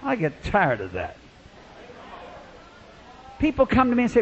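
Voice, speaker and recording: A man preaching a revival sermon, fervent and storytelling, swinging from quiet asides to shouting and acting out the people in his stories. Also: high voice, huge pitch swings, a little slow, pauses often.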